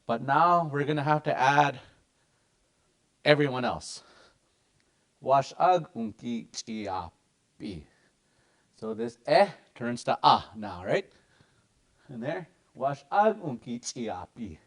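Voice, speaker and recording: A man's voice: mid-range voice, lively intonation, slow. A man teaching a language class with lots of energy and emphasis.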